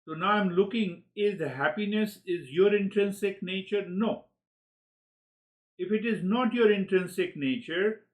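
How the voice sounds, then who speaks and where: A man giving a spiritual lecture, animated, who acts out inner dialogues and often repeats words as he searches for the next one. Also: high voice, unhurried, poor audio. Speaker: spiritual teacher.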